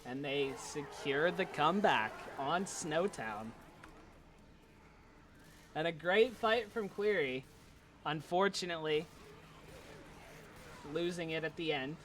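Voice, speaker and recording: Guy calling a live game match, high bright voice, gets hyped in the big moments. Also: slow, pauses often, slight background noise. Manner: excitable, builds in pitch and volume during fights. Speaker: esports caster. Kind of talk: live play-by-play commentary.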